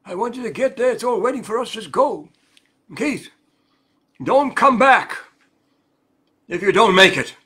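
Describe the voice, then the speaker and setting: A preacher voicing an urgent commanding boss. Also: male voice, very high voice, animated, a little fast, husky, heavily acted. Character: urgent male boss giving orders.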